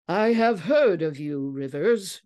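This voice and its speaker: A woman's voice: low voice, lively intonation, slow, a little mellow. A woman voicing a stern, self-righteous older father who bellows and growls, in a dramatic story reading. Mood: indignant. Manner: gruff, indignant.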